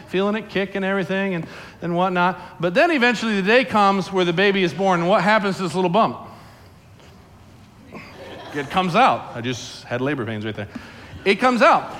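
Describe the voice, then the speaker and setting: A middle-aged man preaching a sermon in a playful, animated way, telling stories and acting out voices. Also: fairly high pitch. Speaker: pastor.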